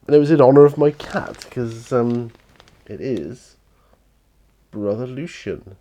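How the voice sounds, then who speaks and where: A middle-aged man chatting casually while painting miniatures, soft-spoken and rambling with many fillers. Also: medium pitch, unhurried, muffled recording. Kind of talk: relaxed paint-along chat.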